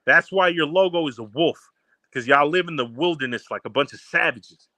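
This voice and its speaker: A man's voice: on the high side, normal speed, bright, forceful tone, dry recording. A young man from Baltimore, a podcast co-host, trash-talking in heated sports banter with a brash, mocking manner. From Baltimore, Maryland.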